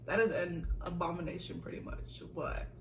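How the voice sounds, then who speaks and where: A young woman from the United States telling a story in a casual vlog Q&A, animated and quick to laugh. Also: lowish voice, creaky, echoey room, distant mic, noisy background. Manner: animated, acts out quoted voices, laughs often. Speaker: vlogger.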